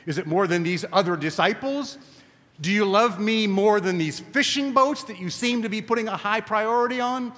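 A man's voice: high voice, moderate pace, a bit bright, in a large hall. A man preaching a sermon at a camp meeting, emphatic and conversational, often asking his listeners questions.

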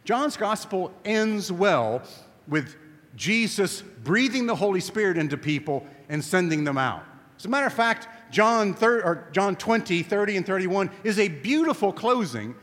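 A man's voice: high-pitched, very animated, moderate pace, a bit bright, long reverb tail. A man preaching a sermon at a camp meeting, emphatic and conversational, often asking his listeners questions.

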